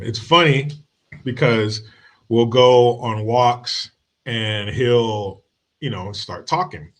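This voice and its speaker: A streamer hosting his own livestream tells family stories in casual chat, swearing heavily and laughing often. His voice sits on the low side with vocal fry, and he comes across as a profane, joking storyteller.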